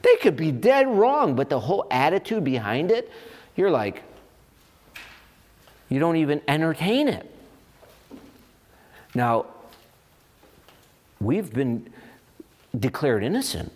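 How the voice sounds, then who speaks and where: A man preaching a sermon as pastor, animated and expressive, voicing little asides and firing rhetorical questions. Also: on the high side, takes it slowly, long pauses.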